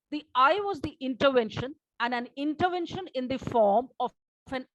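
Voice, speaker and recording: Slightly high-pitched woman presenting research. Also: a little hiss or hum, poor audio. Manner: measured, asks for next slide often. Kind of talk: conference presentation with slides.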